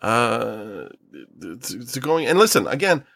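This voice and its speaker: A man's voice: medium pitch, slow, gravelly, no room sound. A middle-aged man co-hosting a podcast, ranting in casual chat with lots of fillers. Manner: ranting, animated, filler-heavy. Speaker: podcast co-host.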